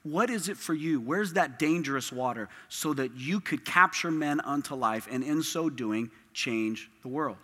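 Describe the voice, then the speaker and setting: A man's voice: mid-range voice, lively intonation, a little slow, few pauses, a bit bright. A man preaching a sermon as pastor, emphatic and impassioned, with lots of repetition. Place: church sanctuary. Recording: long reverb of a large hall.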